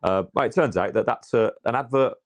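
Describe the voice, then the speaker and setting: Talking briskly in a mid-range voice, an English co-host rambles through casual fan chat about his football club. Fillers and restarts fill the dry recording.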